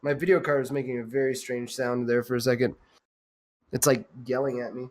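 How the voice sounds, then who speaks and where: A man co-hosting a podcast, chatting casually with crude, excitable banter and frequent laughs. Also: medium pitch, fairly quick. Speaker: podcast co-host.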